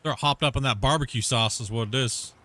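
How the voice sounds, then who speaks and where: A Canadian streamer chats casually while gaming, his mid-range voice fairly quick, pushed and bright. He rambles along with plenty of fillers and restarts.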